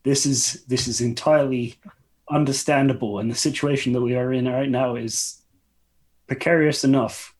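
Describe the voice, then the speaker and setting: A man's voice: medium pitch, fairly even intonation, moderate pace. A man speaking in character as a sorcerer in a tabletop game, hesitant and overly polite, with frequent stammers. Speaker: player.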